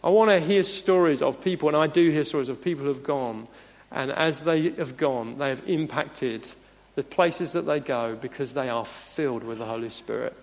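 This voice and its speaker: A man's voice: mid-range voice, normal speed. A man preaching a sermon as pastor, earnest and emphatic, chuckling now and then between points. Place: church hall. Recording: long reverb of a church hall.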